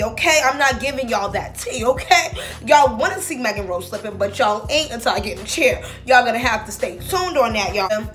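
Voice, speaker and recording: A sassy, talkative beauty vlogger chats casually with her viewers while getting ready for a night out, constantly calling them "baby" and "y'all." Her voice sits a little high, and soft music plays faintly in the background.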